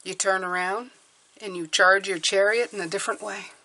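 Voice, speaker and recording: A woman's voice: mid-range voice, steady tone, moderate pace, sharp tone. A woman reading tarot cards for her viewers, talking earnestly and encouragingly, often checking in with "okay?". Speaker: tarot reader.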